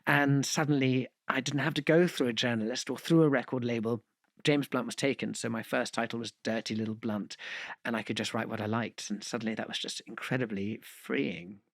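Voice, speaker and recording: A man of middle pitch tells his story as a podcast guest, with no room sound around his voice at all. He rambles along in a self-deprecating way, trailing into fillers and restarting his sentences. The tone is relaxed and conversational, like an easy anecdote. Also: a little fast, no echo, studio quality.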